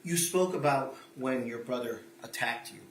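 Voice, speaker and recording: A man's voice: medium pitch, moderate pace. Male attorney, formal courtroom questioner, echoey room with a faint hiss. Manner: formal, leading yes-or-no questions. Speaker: defense attorney.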